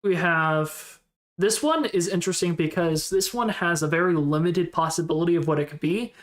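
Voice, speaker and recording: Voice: medium pitch, normal speed. A streamer in casual live-stream commentary, thinking aloud in a rambling, unsure way and replying to chat in passing.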